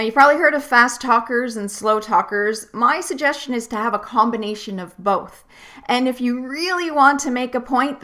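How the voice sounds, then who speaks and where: A woman coach giving tips straight to camera in a clear, upbeat, teacherly way, slowing down and getting louder or quieter for emphasis. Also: on the high side. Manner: clear, upbeat, teacherly delivery that varies pace and loudness for emphasis. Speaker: online course coach. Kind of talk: direct-to-camera tips video.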